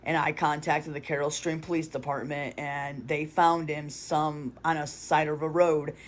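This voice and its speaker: Woman, confessional vlogger; flat, even delivery, rambling and blunt. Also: deep voice, a little slow. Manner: rambling with many restarts and fillers; blunt, swears casually. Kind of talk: confessional storytelling.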